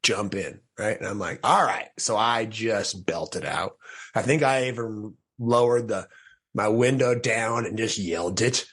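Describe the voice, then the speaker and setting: Low, husky man telling his story. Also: unhurried. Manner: animated, acts out his own past thoughts with restarts and laughs. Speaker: podcast guest. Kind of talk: candid personal storytelling.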